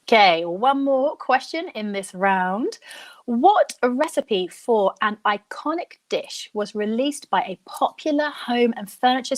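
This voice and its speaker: A young woman hosting a live online quiz, chatting and thinking out loud, reading each question slowly and then repeating it. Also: medium pitch. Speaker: quiz host.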